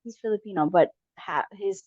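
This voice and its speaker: Low-voiced woman telling a story. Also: moderate pace, a little mellow, no echo. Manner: rambling, many fillers and restarts. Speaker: podcast guest. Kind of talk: casual conversational storytelling. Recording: dull lo-fi audio.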